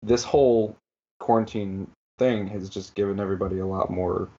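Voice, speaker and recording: A man co-hosting a podcast, musing reflectively in a relaxed, filler-heavy chat. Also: lowish voice, moderate pace, dull audio. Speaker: podcast co-host. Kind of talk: casual chat.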